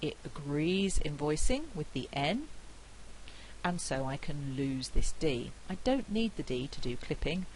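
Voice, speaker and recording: A British woman with a non-rhotic accent giving a university phonetics lecture, saying example phrases slowly and clearly. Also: low-pitched, big pitch swings, a little mellow, low-quality recording. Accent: non-rhotic British English. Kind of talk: academic lecture. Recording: faint hiss.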